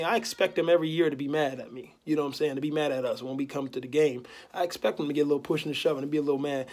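Young guy doing a fake postgame presser, talks quick, kinda high voice, cocky trash talk. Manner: boastful trash talk, laid-back slang. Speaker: vlogger. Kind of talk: mock post-game press conference.

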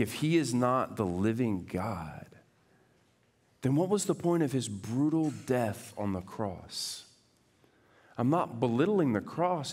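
Man preaching an animated sermon. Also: medium pitch, long reverb tail. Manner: animated, swings from loud to hushed. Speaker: pastor. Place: church sanctuary.

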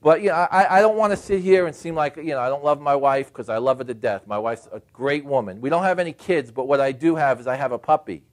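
A man's voice: mid-range voice, fast talker, few pauses. A man doing stand-up comedy, telling stories about home life and acting out the other people in them. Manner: animated, acts out quoted voices and shouts.

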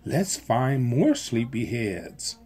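A determined big brother frog leads his siblings in a storybook, as a reader plays him. He speaks slowly, with a husky tone. The voice stays close to a plain reading voice. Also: medium pitch, big pitch swings, dark tone, exaggerated voice.

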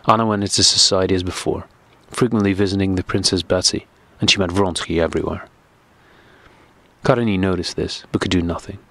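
A man narrating a classic novel audiobook in a steady, measured reading. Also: deep voice, dry recording.

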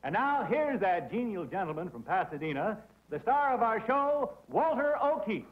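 A man's voice: high voice, very animated, normal speed, heavy background noise. A man announcing a comedy quiz show and introducing contestants in a formal declaiming style. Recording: muffled old broadcast with band music.

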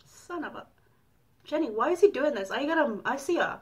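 A woman vlogging her reaction to a video on a phone, talking excitably with loud outbursts and laughter. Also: high-pitched, fast talker, low-quality recording. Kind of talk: reaction vlog chat. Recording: music playing loudly behind. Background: music from the video being watched.

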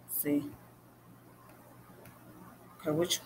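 A woman with a Southern US accent who talks fast and casually, teaching history on a live stream and chatting to her viewers. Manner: fast-talking, conversational, says "you know what I'm saying". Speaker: livestream host teaching history.

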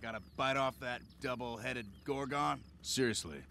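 An actor playing a cocky, boastful roadie hero in a game, talking in a brash, joking way. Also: male voice, medium pitch, fairly even intonation, normal speed, pushed and bright, a little hiss or hum.

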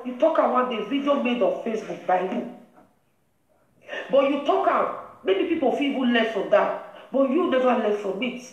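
A woman's voice: high-pitched, expressive, normal speed. A woman with a Nigerian Pidgin English accent, hosting a live-stream commentary and lecturing another woman in a scolding, preachy way. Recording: very echoey room.

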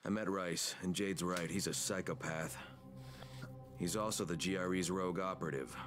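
An actor playing a gruff, sardonic male undercover agent who talks bluntly and swears. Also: sits low, normal speed, close to an everyday voice. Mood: wary. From Chicago (character). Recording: game audio with loud music behind.

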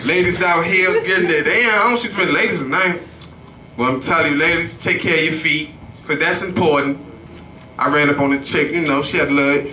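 A man's voice: a little high, a little fast, sharp tone, slight background noise. Loose, profane male stand-up in a club. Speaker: stand-up comedian. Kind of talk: stand-up comedy set. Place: comedy club stage. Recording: echoey club heard from far off.

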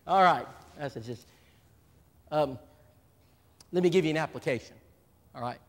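Animated preacher man in a reverberant hall. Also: fairly high pitch, measured pace. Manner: animated storyteller, voices other people in his stories. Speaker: preacher leading a church seminar. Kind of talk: seminar talk with acted-out anecdotes. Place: church hall. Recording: live stream with a long hall reverb.

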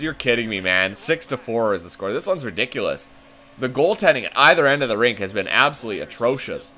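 A man's voice: mid-range voice, big pitch swings, quick pace, pushed and bright. A man commenting on his own hockey video game play, calling the action like a broadcaster and swearing when it goes wrong. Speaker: gaming channel host.

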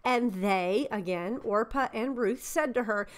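A woman's voice: a little high, measured pace. A woman teaching a Bible study in an earnest, conversational way, reading passages aloud and explaining them. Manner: earnest, conversational, with fillers and restarts.

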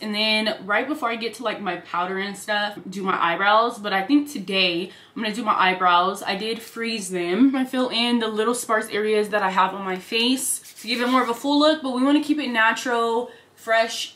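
A woman's voice: medium pitch, a bit bright, reverberant. A woman in her twenties chatting casually while she does her makeup for a lifestyle vlog. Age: 20s. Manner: chatty, upbeat, slangy. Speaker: lifestyle vlogger. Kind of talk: casual get-ready-with-me narration. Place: bedroom at a vanity.

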